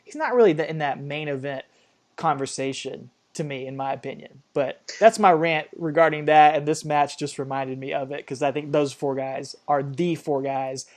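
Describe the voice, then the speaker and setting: A man's voice: fairly high pitch, normal speed, darkish tone. Guy cohosting a wrestling pod, chill, opinionated, laughs a lot. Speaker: podcast co-host. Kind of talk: casual chat.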